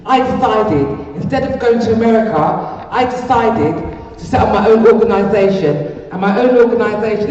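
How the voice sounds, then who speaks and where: An older woman from England, heartfelt and rambling, gives personal testimony at a community peace event, repeating her phrases often. Her voice runs a little high and a little mellow. The large hall makes the distant recording echoey and muffled, with slight background noise.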